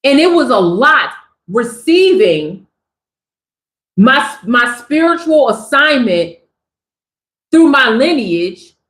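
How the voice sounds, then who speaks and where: Slow, chatty woman livestream host. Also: high-pitched, echoey room, low-quality recording. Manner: expressive, chatty, drawn-out delivery. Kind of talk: casual livestream chat.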